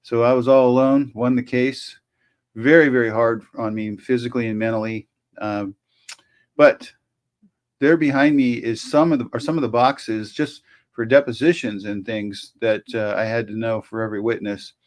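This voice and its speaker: Host: a male lawyer, casual commentary, chatty, mid pitch. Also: moderate pace. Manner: chatty, self-amused.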